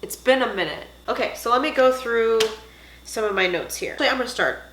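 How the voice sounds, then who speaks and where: A woman's voice: fairly high pitch, a little fast, roomy sound, slight background noise, rough recording. A woman giving casual, jokey reaction commentary as she watches a film and reviews it. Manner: animated, jokey, squeamish asides. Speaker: movie reviewer.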